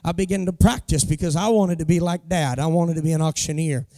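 A man's voice: on the high side, a little fast, mellow, dry recording, clean studio sound. A middle-aged man, a pastor telling a folksy story as a sermon testimony. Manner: folksy storytelling with homespun sayings.

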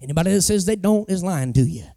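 A man's voice: sits high, animated, quick pace, vocal fry, warm tone, no room sound, clean studio sound. A middle-aged man, a pastor telling a folksy story as a sermon testimony. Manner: folksy storytelling with homespun sayings.

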